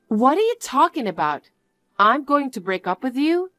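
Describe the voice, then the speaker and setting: A woman's voice: high-pitched, sing-song, moderate pace, a bit bright, dry recording, faint music behind. Outspoken young woman telling a story. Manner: indignant, outspoken. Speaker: storyteller, main character. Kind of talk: one-voice story narration.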